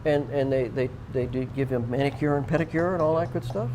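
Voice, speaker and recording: A man's voice: mid-range voice, a little fast, background noise. A man hosting a local TV talk show, joking and rambling with frequent restarts. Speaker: TV show host. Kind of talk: casual studio banter.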